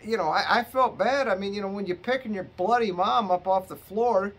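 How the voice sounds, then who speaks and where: A man's voice: high-pitched, fairly quick, a bit bright. A middle-aged man, a bit tipsy from drinking, telling a rambling, profane story to his viewers. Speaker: vlogger. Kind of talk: rambling casual monologue.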